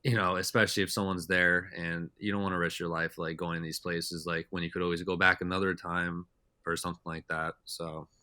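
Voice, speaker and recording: Low-voiced man rambling through stories. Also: level tone, fairly quick, pushed and bright, no echo, studio quality. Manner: rambling, loose and talkative. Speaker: podcast guest. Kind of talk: casual storytelling chat.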